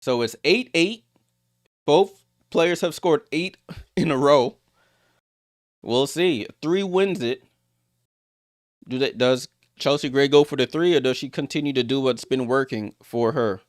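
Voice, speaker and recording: A man giving live play-by-play of a basketball game as a streamer, getting louder on big plays and greeting viewers in the chat. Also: measured pace, long pauses, no room sound, studio quality. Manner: rises sharply in pitch and volume on big plays.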